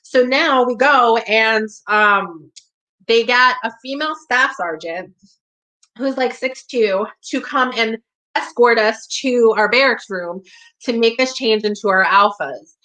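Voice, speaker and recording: Young woman, storyteller, bright forceful tone, emphatic and profane, slightly high voice. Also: takes it slowly, rough recording. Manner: emphatic, profane, reenacts her own shouting. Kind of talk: live personal storytelling. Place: community hall.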